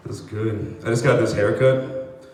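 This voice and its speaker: A man's voice: lowish voice, steady tone, unhurried, darkish tone. A young American man doing a loose, crowd-working stand-up set, slipping into voices for bits. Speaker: stand-up comedian. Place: outdoor apartment complex courtyard. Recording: echoey, distant, noisy live recording.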